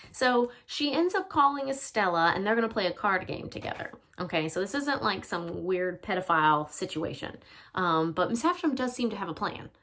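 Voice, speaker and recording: A woman's voice: medium pitch, a bit bright. A woman English teacher giving a chatty literature lesson, explaining with casual fillers.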